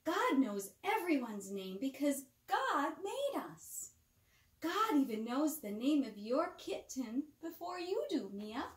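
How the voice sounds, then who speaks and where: A woman's voice: high voice, big pitch swings, slow pace, pitched above the performer's own voice, full character voice. A woman voicing a confident, joking young boy in a storybook reading, recorded with a roomy echo. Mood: bold.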